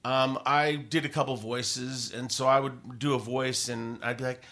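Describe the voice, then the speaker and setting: A man, a radio host and podcaster, telling stories in a casual interview, rambling and animated with many fillers. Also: medium pitch, unhurried.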